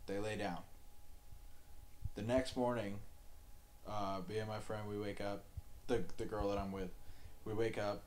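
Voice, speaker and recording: A young man telling a crude story on a podcast, laid-back and profane, often dropping to a low mumble. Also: level tone, a little slow, pauses often, a little mellow, a little hiss or hum. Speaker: podcast co-host.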